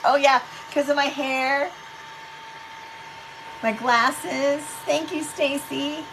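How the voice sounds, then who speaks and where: A woman's voice: high-pitched, fairly even intonation, drawn-out words, long pauses, background noise. A middle-aged woman hosting a casual live craft stream at home, chatting with viewers and greeting them by name.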